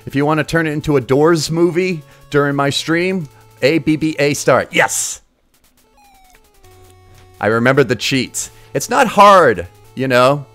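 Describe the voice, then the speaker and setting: A man's voice: on the high side, lively intonation, a little slow, a bit bright, no room sound, faint music behind. Crude joking male game streamer. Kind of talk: casual live-stream commentary while gaming.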